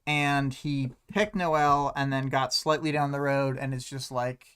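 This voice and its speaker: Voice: mid-range voice, fairly even intonation, measured pace, fairly bright tone, smooth. Hesitant young adult co-host, rambling. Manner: hesitant, rambling, heavy use of "like". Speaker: podcast co-host. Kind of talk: casual discussion of a web serial.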